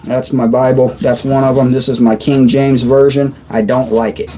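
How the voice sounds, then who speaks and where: The poor audio, with a little hiss or hum, captures a man in his thirties hosting a laid-back livestream from a desk on a squeaky old chair. His medium-pitched, dark voice comes at a normal speed with a flat delivery as he rambles and trails off mid-sentence.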